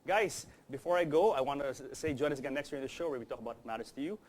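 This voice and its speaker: A man, hosting a talk show in a relaxed, chatty way. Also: medium pitch, rapid-fire. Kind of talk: casual talk show chat.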